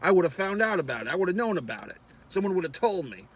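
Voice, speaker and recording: A man voicing a pushy, possessive young camp counselor, quoted in a slightly higher voice. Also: big pitch swings, fast, breathy edge, exaggerated voice. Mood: insistent.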